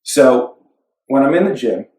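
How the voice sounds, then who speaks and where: A young man, a guest on an interview show, telling stories in a casual, animated way and swearing freely. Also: mid-range voice, a little slow. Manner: animated storyteller, swears casually, acts out quotes. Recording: roomy, somewhat distant mic.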